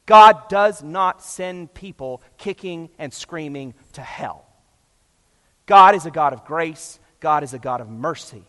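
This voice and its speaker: A man preaching a sermon, passionate and emphatic, swinging between loud and hushed. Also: fairly high pitch, slow, big-room sound. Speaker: pastor.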